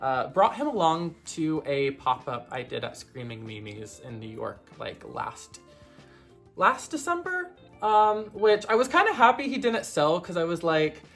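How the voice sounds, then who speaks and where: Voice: medium pitch, very animated, unhurried, a bit bright, soft background music. A collector hosting a casual vlog about her vintage plush toys, talking in a rambling, conversational way with lots of fillers. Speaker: vintage toy collector vlogger.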